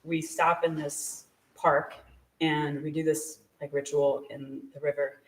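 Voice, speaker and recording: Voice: medium pitch, flat delivery, takes it slowly. Chatty storyteller in an echoey shop. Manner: chatty, filler-heavy with frequent "like"; laughs often while telling the story. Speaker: guest sharing a story. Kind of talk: casual live storytelling. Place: small shop hosting a live event. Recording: echoey room, voice from a distance.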